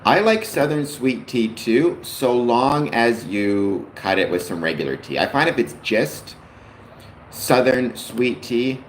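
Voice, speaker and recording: Expressive and unhurried, a medium-pitched Canadian man runs a livestream where he chats loosely, drifts off topic a bit and speaks with his dad on air. His sound is roomy and echoey with slight background noise.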